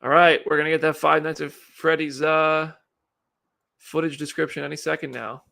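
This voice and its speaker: Male live-stream host, chatty, gravelly, bright tone; reads chat and news. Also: fairly high pitch, flat delivery, normal speed. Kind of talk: casual live commentary.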